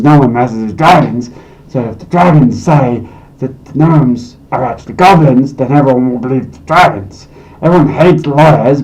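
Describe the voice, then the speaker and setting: A high-ish, excitable goblin voiced by a man rants to camera in a scripted comedy web series. He swings between low conspiratorial muttering and frantic shouting, utterly convinced of his theories. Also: slight background noise, rough recording. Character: excitable paranoid male goblin ranting about conspiracies.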